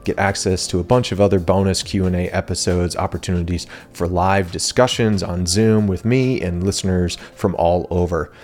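A man's voice: low voice, fairly even intonation, moderate pace, few pauses, a little mellow, faint music behind. A man hosting his own podcast, talking casually and animatedly and laughing at himself now and then. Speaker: podcast host. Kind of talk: casual solo podcast talk.

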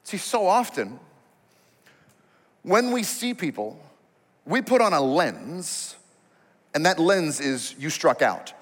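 Lively high-voiced male preacher. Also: slow pace, long pauses. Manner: conversational, emphatic preaching. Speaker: pastor. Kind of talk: sermon. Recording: reverberant hall.

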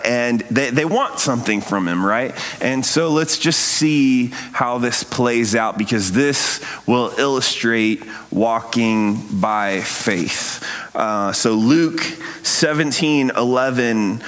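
A man's voice: mid-range voice, a bit bright, big-room sound. A man preaching a sermon in a conversational way, often checking in with his listeners. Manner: conversational, frequent "right?" asides. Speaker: pastor.

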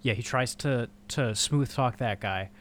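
Young dude gushing about a movie, retelling scenes, middle pitch, faint hum behind. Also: male voice, unhurried. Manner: relaxed, enthusiastic, retells scenes with quotes. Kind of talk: casual movie discussion.

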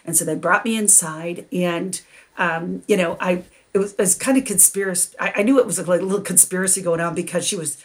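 A middle-aged woman, a podcast guest, telling a long personal story with lively energy and frequent laughter. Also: fairly low pitch, fairly quick. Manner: animated, laughs often while telling a story. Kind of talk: storytelling in a conversation.

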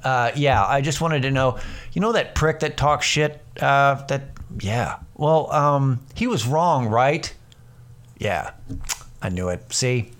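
Speaking slowly in a mid-range, slightly bright voice, this middle-aged comedian runs his own casual podcast solo. His stories wander, swear freely, and keep starting over.

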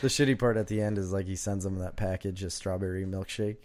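A man co-hosting a casual podcast chat, an animated storyteller who rambles and laughs often. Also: low voice, quick pace. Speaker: podcast co-host.

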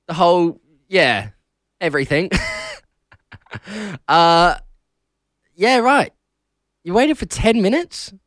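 Young Australian man, breakfast radio host, chatty and laughing, lively swooping pitch, dry close studio sound. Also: dry recording. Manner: chatty, laughs often, animated storytelling. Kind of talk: casual breakfast radio chat. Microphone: studio broadcast mic.

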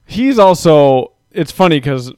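Thirties dad on a podcast, kinda higher voice, super smooth, rambling and cussing, dry sound. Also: male voice, big pitch swings, unhurried, darkish tone, dry recording. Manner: profane, rambling storyteller. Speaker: podcast co-host; father of young kids. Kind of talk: casual chat.

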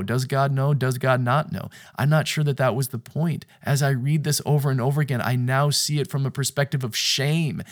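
A man giving a sermon-style podcast talk, stressing his points by repeating phrases and moving from hushed near-whispers to loud bursts. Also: medium pitch.

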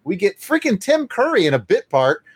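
A man co-hosting a casual movie podcast, enthusiastic and quick to laugh. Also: high-pitched, big pitch swings, breathy edge, no echo. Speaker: podcast co-host.

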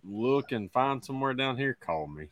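A man's voice: mid-range voice, lively intonation, moderate pace, a crowd in the background. A middle-aged man hosting a podcast, talking in a chatty, easygoing way and laughing easily. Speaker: podcast host. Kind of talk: casual podcast chat.

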